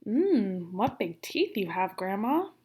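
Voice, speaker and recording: A woman's voice: mid-range voice, big pitch swings, slow, a little mellow, breathy edge, full character voice. A woman voicing a sweet, trusting little girl in a storybook reading. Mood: innocent.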